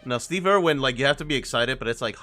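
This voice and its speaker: A man chatting casually while playing a game on stream, playful and quick to swear. His voice is bright and forward, with lively swings in pitch. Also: soft background music. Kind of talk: casual chat while gaming.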